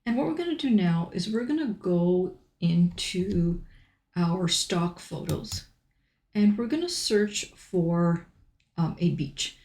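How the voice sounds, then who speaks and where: A middle-aged woman hosting a software tutorial, talking through each step in an unhurried way with frequent ums. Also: fairly low pitch, lively intonation, reverberant. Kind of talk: screen-recorded software tutorial.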